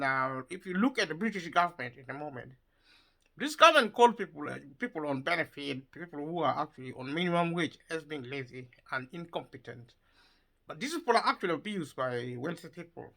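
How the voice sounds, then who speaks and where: A man giving an opinion monologue for his video channel, halting as he talks, with many repeated words and fillers. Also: a little high, animated, gravelly, bright, forceful tone, low-quality recording. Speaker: video commentator.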